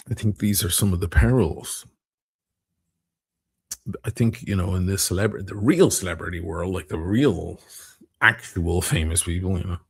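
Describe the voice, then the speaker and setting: A man with a deep, gravelly voice rambles through a casual live stream chat. He swears freely and breaks into laughter between thoughts. His tone is a little husky. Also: a little mellow. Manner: rambling, profane, laughs often.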